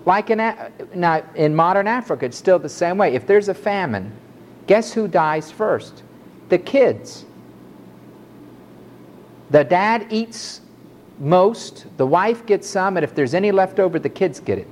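Man, pastor, fiery dramatic sermon, fairly high voice, faint background noise. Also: very animated, a little slow. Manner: fiery, dramatic preaching, swinging from loud outbursts to low asides.

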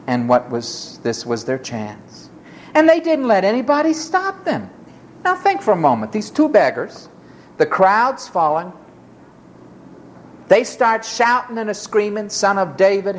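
A preacher delivering a sermon in an emphatic, dramatic way, dropping to low murmurs and rising to high exclamations as she acts out the people in the story.

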